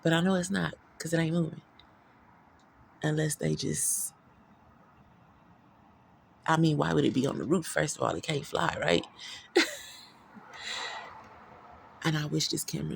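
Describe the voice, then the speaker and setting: A woman's voice: low-pitched, a little slow, gravelly, long pauses, a little hiss or hum. A woman talking casually into her phone camera, telling personal stories in a rambling, candid, profane way, full of slang. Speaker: vlogger.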